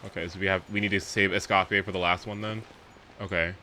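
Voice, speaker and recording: A young man live-streaming a video game in casual chat, swearing often and swinging from mumbles to shouts. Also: low voice, little pitch movement, fast talker, a little hiss or hum.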